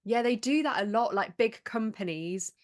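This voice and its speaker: A woman's voice: on the high side, expressive, normal speed. A woman hosting a podcast interview, asking questions and reacting with enthusiastic encouragement. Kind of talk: casual interview chat.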